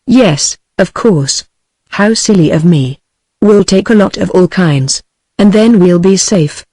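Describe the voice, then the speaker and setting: A woman's voice: fairly low pitch, takes it slowly, warm tone, no echo. A synthetic woman's voice with a British English accent, reading the lines of an eager, chatty rich young woman.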